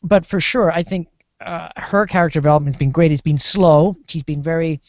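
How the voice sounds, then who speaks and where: A man on a TV discussion panel, rambling and animated as he talks through a series. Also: a little high, fairly quick, no room sound. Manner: rambling, lots of fillers and restarts, animated. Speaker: podcast panelist. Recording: dull lo-fi sound.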